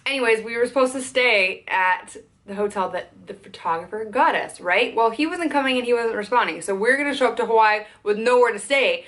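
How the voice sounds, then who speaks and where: Young woman, fairly high voice, fast worked-up venting, lots of swearing. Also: animated, a bit bright. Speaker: content creator. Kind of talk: venting storytime vlog.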